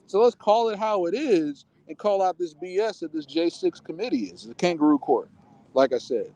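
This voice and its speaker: A man's voice: high-pitched, expressive, normal speed, mellow. A man co-hosting a political podcast, talking in a loose, rambling, jokey way. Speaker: podcast co-host. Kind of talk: casual political chat.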